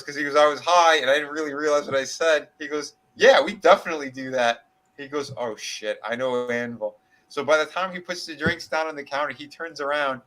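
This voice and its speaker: A man's voice: mid-range voice, fairly bright tone, low-quality recording. A man co-hosting a casual wrestling podcast, telling a long story in a rambling way, with many fillers and restarts and casual swearing. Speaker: podcast co-host.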